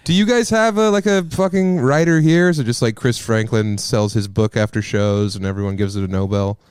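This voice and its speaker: A man's voice: medium pitch, brisk, a little mellow, clear, resonant tone, dry recording, clean studio sound. An American man, a guest comedian, chatting casually on a podcast with wry, joking riffs. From United States.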